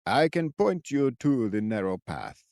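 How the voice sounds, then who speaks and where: A man voicing a quirky old male forest sentry with a cracked, croaking voice, speaking slowly. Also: mid-range voice, sing-song, a little mellow, no room sound, studio quality. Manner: slow, quirky, chirpy.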